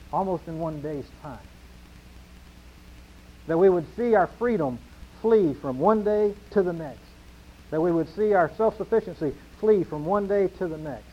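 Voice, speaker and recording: A man's voice: on the high side, dull audio. A man preaching a sermon as pastor, with an emphatic, repetitive preaching cadence.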